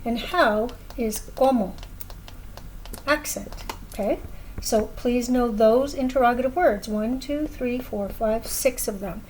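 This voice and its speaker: A woman's voice: a little high, a little slow, darkish tone, a little hiss or hum, poor audio. A woman teaching a recorded lesson, explaining patiently at a whiteboard and often checking in with "okay?". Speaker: Spanish teacher.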